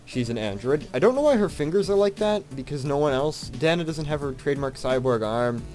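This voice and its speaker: A man's voice: fairly high pitch, brisk. A man casually commenting on a visual novel as he plays, rambling and swearing freely. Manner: animated, rambling, profane. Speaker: let's play host. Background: game music.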